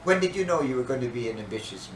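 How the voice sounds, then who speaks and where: An older man and podcast co-host, telling a story in casual chat with an animated, dramatic manner. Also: mid-range voice, racing. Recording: echoey room, distant mic, faint noise.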